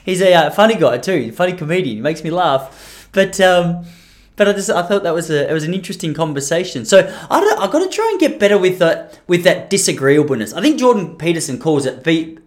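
A man's voice: sits high, sing-song, fairly quick. A man hosting his own podcast, rambling and self-deprecating in casual chat. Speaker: podcast host.

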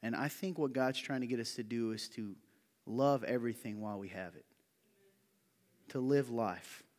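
Male pastor, mid-pitch, animated sermon delivery with personal anecdotes, long hall reverb. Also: normal speed. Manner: animated storytelling, shouting when quoting a friend.

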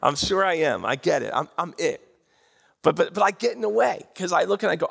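Gravelly-voiced man preaching a lively sermon. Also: high-pitched, a little fast. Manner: animated, call-and-response with congregation. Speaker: pastor. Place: church sanctuary.

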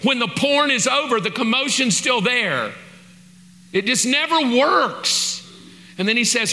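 Bright, high-voiced preacher. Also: male voice, lively intonation, slow pace, slight background noise. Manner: conversational, jokey asides, mock exasperation. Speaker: pastor. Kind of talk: sermon.

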